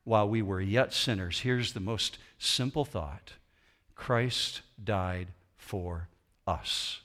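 A man preaching a sermon as pastor in a church auditorium, swinging between loud emphasis and quiet intensity. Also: on the low side.

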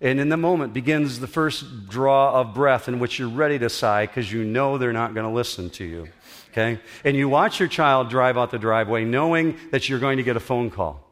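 A man's voice: mid-range voice, fairly bright tone. Earnest man preaching a sermon. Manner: earnest, emphatic preaching with dramatic pauses. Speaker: pastor. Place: auditorium.

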